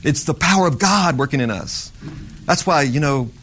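Middle-aged male preacher, slightly high voice, chatty sermon that swells into fervent emphasis. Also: animated, moderate pace, a bit bright, a little hiss or hum. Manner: conversational, rising to fervent emphasis. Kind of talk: informal sermon.

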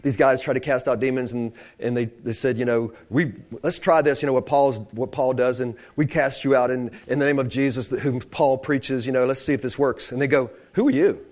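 A man's voice: medium pitch, fairly even intonation, fairly quick, few pauses, a little mellow. A man preaching a sermon, telling stories with many restarts and building to fervent emphasis. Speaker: pastor.

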